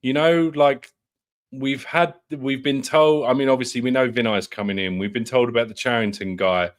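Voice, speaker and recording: A man hosts a casual football talk show. He rambles with many hesitations and laughs along with his co-host, his voice at an ordinary mid pitch. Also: fairly even intonation, moderate pace.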